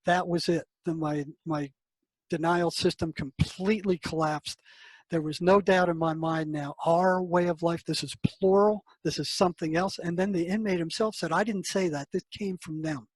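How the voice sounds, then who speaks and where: An older man, a psychotherapist appearing as a guest, answers an interview question by telling a story casually and conversationally, acting out the dialogue. His voice is on the high side with a breathy edge, a steady tone, and a moderate pace. The recording is dry and low quality.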